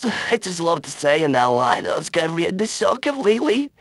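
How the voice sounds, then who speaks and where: A man's voice: on the high side, very animated, a little fast, dry recording. A man reading lines for a blooper reel, hesitating, laughing and starting his lines over.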